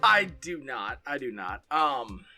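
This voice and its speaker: A man's voice: medium pitch, very animated, slow pace, sharp tone, soft background music. A young man co-hosting a game play-through, joking nervously and apologizing for his voices. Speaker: let's play co-host. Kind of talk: casual gaming banter.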